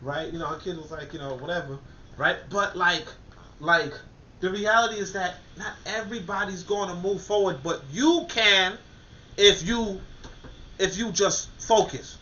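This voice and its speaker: A man's voice: high voice, moderate pace, bright, forceful tone. A man hosting a podcast in casual motivational talk, emphatic and repetitive, full of fillers and restarts. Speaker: podcast host. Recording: dull lo-fi recording.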